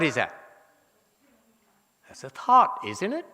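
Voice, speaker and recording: A man teaching a Buddhist dharma lecture, animated and teasing, with many rhetorical questions to his listeners. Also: sits high, slow pace, pauses often. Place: temple lecture hall. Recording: hall reverb.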